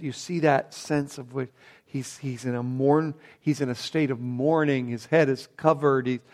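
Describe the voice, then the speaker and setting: A man preaching a Bible sermon, dropping to a hushed, reverent tone and then rising into emphatic, repeated phrases. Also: medium pitch. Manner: swings between hushed reverent passages and raised emphatic bursts; repeats words when building a point. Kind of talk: expository sermon.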